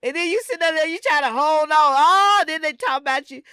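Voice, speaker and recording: Animated, preachy older woman host. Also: high voice, moderate pace, no echo, clean studio sound. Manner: animated, preachy storytelling with Southern Black vernacular. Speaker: podcast host. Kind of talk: casual talk show chat.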